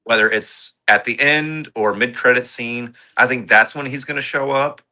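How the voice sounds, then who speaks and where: Bright-voiced man sharing theories. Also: mid-range voice, steady tone, normal speed. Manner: thoughtful, speculates about what comes next. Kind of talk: casual movie review chat.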